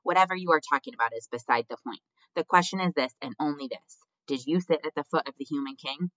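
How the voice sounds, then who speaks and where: A man's voice: on the high side, fast, sharp tone, no echo. A man playing a stern old head mouse. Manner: formal, stern, commanding. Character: stern elderly male head mouse, council leader. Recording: dull dry lo-fi recording.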